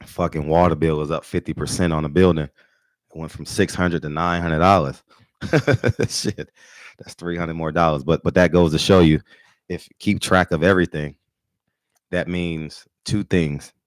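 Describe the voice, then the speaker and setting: A man with a deep, low voice talks casually as the host of a boxing talk show. He is brash, boastful and profane, and he stumbles and restarts his sentences. The sound is dry and close. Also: level tone, moderate pace, no echo.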